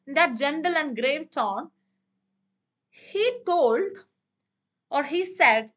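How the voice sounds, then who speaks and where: A woman's voice: high-pitched, expressive, slow pace, pauses often, a bit bright. A young woman, a teacher reading a story aloud and explaining it line by line, with many fillers and restarts. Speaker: English teacher.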